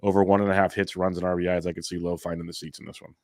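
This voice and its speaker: A man's voice: deep voice, level tone, very fast, a little mellow, dry recording, studio quality. A man giving fantasy baseball betting picks, rattling off players and prices in a casual, tired way. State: exhausted.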